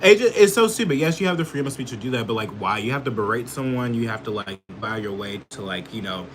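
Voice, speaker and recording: A man from the United States rants through his political commentary, swearing freely and filling his sentences with filler words. He speaks at a middling pitch, in a loose, heated, offhand style. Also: lively intonation, quick pace, slight background noise. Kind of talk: casual ranting commentary.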